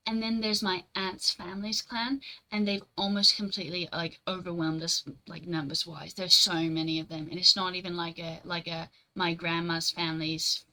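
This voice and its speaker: A woman's voice: lowish voice, pushed and bright, low-quality recording. A young woman streamer in casual, rambling chat, reading and answering her chat, swearing casually and laughing often.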